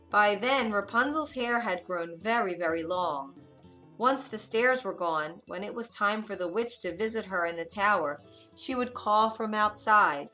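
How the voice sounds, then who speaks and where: A woman gently narrating a bedtime story for children. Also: medium pitch. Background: faint soft music.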